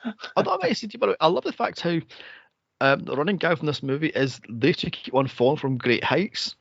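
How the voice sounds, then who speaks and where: A man co-hosting a podcast, chatting casually about a movie, laughing and acting out scenes in high, silly voices. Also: brisk, vocal fry, husky, no echo, dull audio. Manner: laughing, animated retelling with squeaky impressions. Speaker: podcast co-host. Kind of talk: casual movie-review chat.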